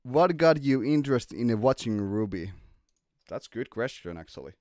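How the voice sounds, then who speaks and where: A man hosting a casual livestream, talking haltingly and laughing often. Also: mid-range voice, animated, a little mellow, no echo, studio quality. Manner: giggly, slow and halting. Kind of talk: casual chat.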